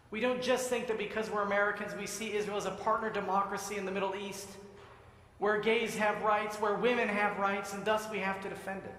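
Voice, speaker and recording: A rabbi delivers a sermon from the sanctuary, his voice high and bright. He tells jokes with a preacher's timing. The room is echoey, with a long reverb and a faint hum of ambience. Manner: joke-telling preacher, quoting voices in a punchline rhythm. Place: synagogue sanctuary.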